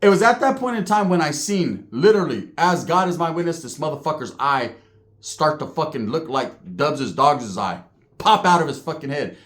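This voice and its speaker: A man telling prison stories in a casual monologue, animated and profane, heavy on street slang, acting out the people he describes. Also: on the high side, normal speed. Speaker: storyteller recounting prison life.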